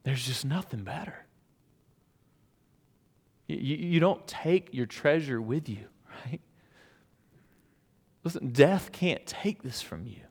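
A man preaching a sermon in a conversational, storytelling way, with loud emphatic peaks that drop to hushed near-whispers. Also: a little high, expressive, slow pace, long pauses, in a large hall. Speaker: pastor.

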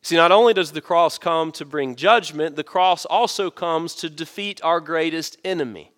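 A man's voice: a little high, moderate pace, fairly bright tone. A male pastor preaching a sermon, earnest and emphatic, repeating phrases to press his points.

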